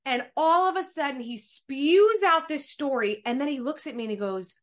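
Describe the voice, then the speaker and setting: A woman speaking coach teaching an online workshop over a video call, energetic and encouraging, speaking straight to her listeners. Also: high voice, moderate pace, hardly any pauses.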